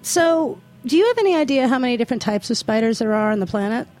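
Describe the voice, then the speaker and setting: A woman's voice: fairly high pitch, expressive, fast talker, a little mellow, soft background music. A woman hosting a radio interview show, chatting in a bubbly, enthusiastic way and giggling often. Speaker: host. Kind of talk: casual interview.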